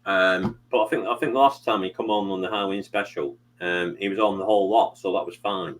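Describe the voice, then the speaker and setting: A man's voice: low-pitched, a little fast, fairly bright tone, rough recording. A British man hosting a live stream, chatting casually in a rambling way with many fillers. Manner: rambling, many fillers and "you know what I mean". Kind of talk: casual chat.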